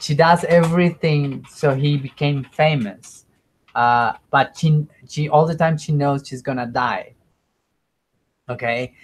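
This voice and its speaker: A man's voice: mid-range voice, poor audio. Hesitant man practicing spoken English. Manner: hesitant, many restarts and searching for words. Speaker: English student. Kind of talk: casual conversation practice.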